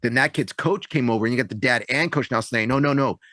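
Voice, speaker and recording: A man co-hosting a podcast, telling stories in an animated, conversational way. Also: mid-range voice, quick pace, no room sound. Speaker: podcast co-host and judo coach. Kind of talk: casual podcast chat.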